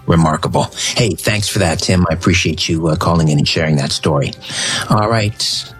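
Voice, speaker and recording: Low-voiced male radio talk show host. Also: moderate pace, a bit bright, soft background music. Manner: brief, reactive interjections. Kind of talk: late-night radio talk show hosting.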